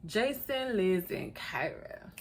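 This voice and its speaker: A woman chatting casually about a reality show in an animated, sassy way, often laughing and acting out quotes. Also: mid-range voice, takes it slowly. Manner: laughs often while talking. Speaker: YouTuber reviewing a reality dating show. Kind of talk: casual chat.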